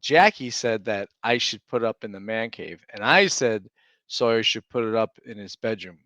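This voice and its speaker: Chatty dad rambling through a story. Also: male voice, on the low side, expressive, moderate pace, pushed and bright, dry recording. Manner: rambling storyteller, laughs often. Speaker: podcast co-host. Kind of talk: casual chat. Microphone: remote call.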